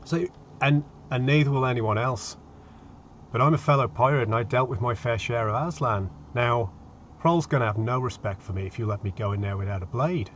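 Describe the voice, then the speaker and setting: A man voicing a tough, calm male pirate adventurer who speaks in a steady, measured way. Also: mid-range voice, highs cut off, slight background noise, natural voice. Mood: bargaining.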